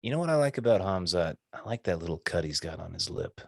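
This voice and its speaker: A low-voiced man co-hosting a casual podcast, excitable, with pitch that leaps around a lot. He moves from quiet mutters to eager bursts, and the sound is close and dry. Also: fast, vocal fry, dry recording. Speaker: podcast co-host. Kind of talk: casual chat.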